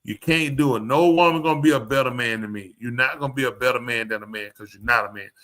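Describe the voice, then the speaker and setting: A man holds forth on a live podcast in loose, casual chat. His voice is bright and forward, sitting at an ordinary pitch. He rants bluntly and keeps turning to the people around him for agreement. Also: quick pace. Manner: blunt, opinionated ranting that addresses the room. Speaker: podcast host. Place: live show.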